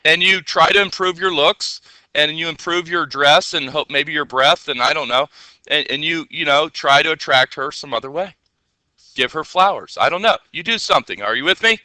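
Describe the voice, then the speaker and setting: A male teacher giving a classroom coding lesson, energetic and constantly checking in with rhetorical questions. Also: on the high side, normal speed, no echo, low-quality recording.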